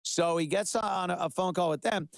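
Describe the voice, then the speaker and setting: A man's voice: sits high, normal speed, creaky, no room sound, studio quality. A middle-aged man hosting a web show, delivering sarcastic, mocking political commentary with heavy emphasis.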